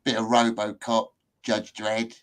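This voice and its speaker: A man's voice: lowish voice, completely flat delivery, measured pace, a bit bright, rough recording. A man from Britain hosting a casual chat, laid-back and chatty, with British slang like "mate" and "lads". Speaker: host.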